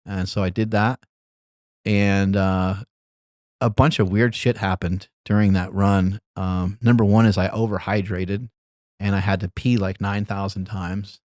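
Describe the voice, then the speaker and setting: A man's voice: low voice, a little slow, no room sound, studio quality. Laid-back man telling rambling stories. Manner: relaxed, rambling, laughs while telling stories. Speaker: podcast guest. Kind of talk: casual storytelling.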